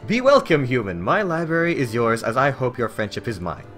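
A man's voice: mid-range voice, big pitch swings, a little fast, fairly bright tone, soft background music. Man voicing a formal female orc librarian. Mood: earnest. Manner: formal, old-fashioned phrasing with stumbles. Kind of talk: voicing game dialogue aloud.

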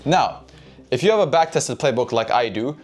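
Speaking at a moderate pace, this trading educator has a medium-pitched voice and lively intonation. His relaxed lesson is profane and aimed at his chat, punctuated again and again by "right?", while soft music plays in the background.

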